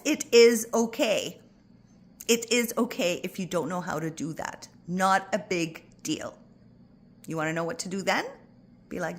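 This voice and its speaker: A woman spiritual coach giving gentle, reassuring advice to an online group and calling listeners by endearments. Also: mid-range voice, big pitch swings, a little slow, a little hiss or hum.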